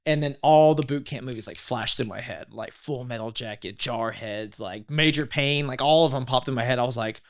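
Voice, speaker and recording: A man's voice: mid-range voice, normal speed, few pauses. A man from East Texas, a podcast guest in his thirties telling stories in a laid-back, slangy way. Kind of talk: casual storytelling interview.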